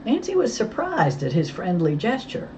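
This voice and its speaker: A woman narrating a storybook as an audiobook reader, with an expressive, clear reading. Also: mid-range voice, normal speed, muffled recording, slight background noise.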